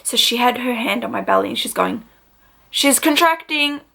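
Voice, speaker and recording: A young woman chats to camera in a loose, storytelling vlog, her voice sitting a little high with a gravelly edge. She fills her sentences with "like" and keeps the tone casual and personal. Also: huge pitch swings, fast, fairly bright tone. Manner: chatty, full of "like" fillers. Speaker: vlogger.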